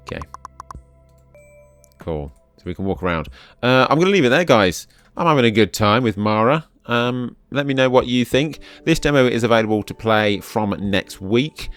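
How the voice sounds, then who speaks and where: A man's voice: mid-range voice, expressive, moderate pace, a bit bright, clean tone. A man in his forties giving casual gameplay commentary, reading the game text aloud with chatty, wry asides. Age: 40s. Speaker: game video host. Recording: faint background music.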